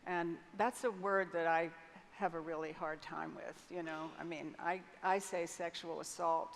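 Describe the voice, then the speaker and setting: Speaking a little slowly in a low voice with fairly even intonation and vocal fry, an older woman is interviewed on a large conference stage. She shares a personal story frankly and vividly, sometimes restarting hesitantly, amid long hall reverb and faint noise.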